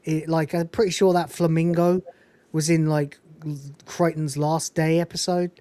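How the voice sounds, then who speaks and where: A woman's voice: sits low, flat delivery, moderate pace, dark tone, no room sound. A woman, co-hosting a fan review show and chatting casually with many ums while recapping scenes. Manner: chatty, frequent ums and swearing, acts out the characters' quotes. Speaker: podcast co-host reviewing a TV episode.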